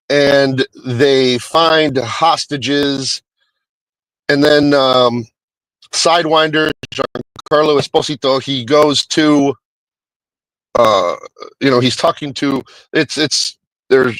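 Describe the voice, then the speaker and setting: Rambling and profane, a Hispanic American man keeps restarting sentences as he gives a casual movie review. He speaks at medium pitch with a slightly bright tone, in a low-quality recording without echo.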